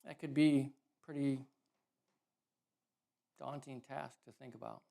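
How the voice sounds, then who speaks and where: A man preaching a sermon in a casual, animated storytelling way, correcting himself as he goes. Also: medium pitch, takes it slowly, vocal fry. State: emotional.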